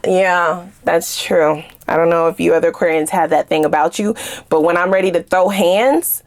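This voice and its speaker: Brief: woman tarot reader, casual and sassy, animated, talks straight to her viewers, swears freely. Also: lowish voice, normal speed.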